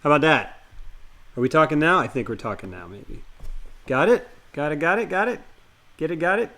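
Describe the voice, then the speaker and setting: A man's voice: a little high, animated, fairly quick, bright, forceful tone. A man streaming live, chatting loosely with viewers and greeting them by name before reading a horror story aloud.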